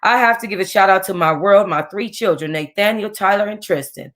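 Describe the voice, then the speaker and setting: A woman reads a novel aloud for her listeners. Her voice sits at a middle pitch, and she reads with expression. She often stops to chat with the people listening. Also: a little fast, few pauses. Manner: expressive, chatty asides to listeners. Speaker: audiobook reader.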